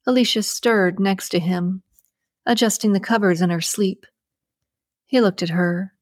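Female audiobook narrator, mid-range voice, steady scripted romance read, dry booth sound. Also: medium pitch, no room sound.

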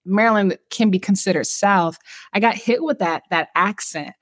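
Hosting a podcast, a Californian woman talks reflectively about mental health in casual conversation, using many "you know" fillers and speaking directly to listeners. Her voice is medium-pitched and fairly bright, with a moderate pace and no echo.

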